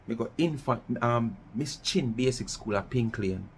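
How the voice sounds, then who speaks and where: Gravelly Jamaican man ranting. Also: mid-range voice, measured pace, slight background noise. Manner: challenging, repeats rhetorical questions, mixes patois. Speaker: vlogger. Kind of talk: ranting commentary.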